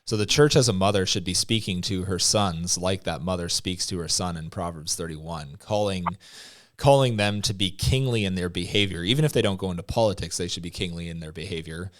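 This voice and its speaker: Deep-voiced man explaining at a steady pace. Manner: measured, explaining scripture. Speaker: podcast co-host. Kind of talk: podcast discussion.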